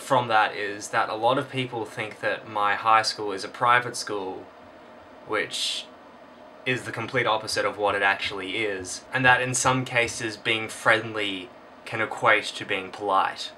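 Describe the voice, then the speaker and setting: A man's voice: on the low side, measured pace, bright, forceful tone. A young man, hosting a casual vlog in a dry, reflective way. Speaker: vlog host. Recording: distant from the mic, faint background noise.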